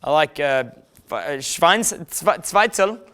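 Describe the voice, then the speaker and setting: A man's voice: fairly high pitch, fairly even intonation, brisk, fairly bright tone, smooth, close to an everyday voice. A man putting on a clumsy fake German accent, playing an apologetic, fumbling stranger. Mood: sheepish. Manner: apologetic, fumbling over words.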